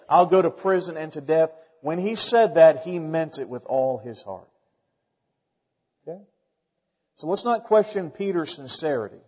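A man's voice: sits high, darkish tone, breathy edge. A middle-aged man preaching a sermon, earnest and emphatic, reading scripture aloud. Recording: dull lo-fi recording in a reverberant hall.

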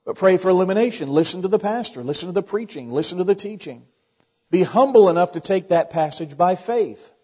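A man's voice: sits high, animated, a little fast, dark tone, slightly rough. A man pastor preaching a conversational sermon, folksy and full of anecdotes. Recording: dull lo-fi sermon recording.

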